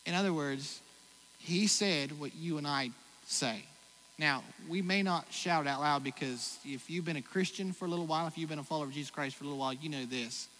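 A man preaching a sermon as pastor, swinging between loud exclamations and hushed reflection. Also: fairly high pitch, fairly quick. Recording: hall reverb, faint noise.

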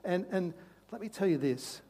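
A man preaching a sermon as pastor, passionate and repetitive, swinging between loud urgent pleas and hushed, intimate tones, often stammering into restarts. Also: high voice, animated, moderate pace, creaky. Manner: repeats phrases, restarts with stammers.

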